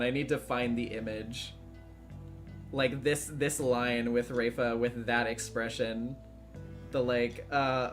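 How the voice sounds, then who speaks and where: A man's voice: medium pitch, a bit bright. A man giving casual, rambling commentary on a game playthrough, laughing often, with game music behind. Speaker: let's play streamer.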